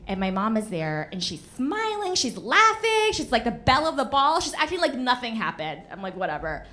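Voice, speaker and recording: Bright, animated young woman storyteller. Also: high voice, moderate pace. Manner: animated, laughing, punchy. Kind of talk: live comedic storytelling. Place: stage of a live venue before an audience.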